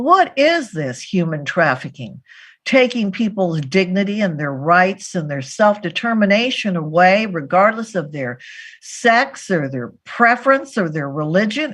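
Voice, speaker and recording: A woman's voice: mid-range voice, a bit bright. A woman broadcaster presenting an award at a conference, speaking emphatically and directly. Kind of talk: conference speech.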